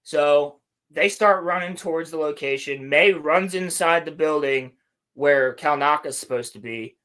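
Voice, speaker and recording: A man's voice: fairly high pitch, a little slow, fairly bright tone. A man hosting a podcast, recapping a show in a rambling, sarcastic, casual way with some swearing. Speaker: podcast host reviewing a show. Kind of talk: casual chat.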